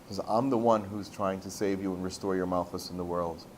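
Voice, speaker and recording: Man quietly voicing a young man pleading innocence, earnest, low-key, hushed. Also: fairly even intonation, a little fast, a little hiss or hum, close to an everyday voice.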